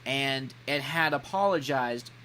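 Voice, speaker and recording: A man hosting a casual podcast chat, an animated storyteller who breaks into loud mock voices. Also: mid-range voice, measured pace, a little hiss or hum. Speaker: podcast host.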